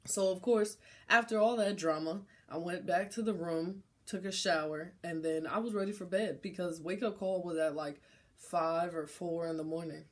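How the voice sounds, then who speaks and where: A young adult woman vlogger telling a personal story in a casual, slangy, animated way. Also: lowish voice, moderate pace.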